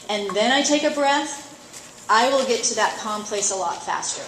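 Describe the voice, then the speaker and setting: A middle-aged woman coach teaching a live seminar at a horse expo, chatty and lively, acting out her inner thoughts. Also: on the high side, fairly quick, slight background noise. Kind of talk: live talk to an audience. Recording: roomy echo, faint ambience.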